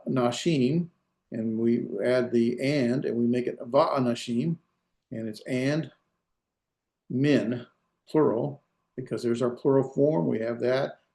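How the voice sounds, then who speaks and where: A middle-aged Hebrew instructor with a creaky, mellow voice lectures a grammar class at an everyday pitch, and a noticeable echo fills the room. He keeps correcting himself and filling pauses, in a hesitant, self-deprecating way.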